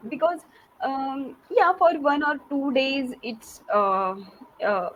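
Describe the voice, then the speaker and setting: A high-pitched woman answers questions slowly and haltingly, restarting often and filling pauses. She is an English learner in a casual practice conversation. The sound is slightly dull with a faint hiss behind. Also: lively intonation, a bit bright. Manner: hesitant, many fillers and restarts.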